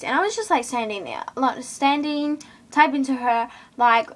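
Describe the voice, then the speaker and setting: A woman's voice: fairly high pitch, lively intonation, unhurried, fairly bright tone. A teenage girl telling a storytime rant to camera in an indignant, chatty way, full of fillers. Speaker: vlogger.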